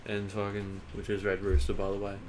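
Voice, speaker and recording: A man's voice: fairly low pitch, completely flat delivery, fairly quick, darkish tone, a little hiss or hum. A young man giving brief, laid-back answers in a casual chat. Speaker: guest.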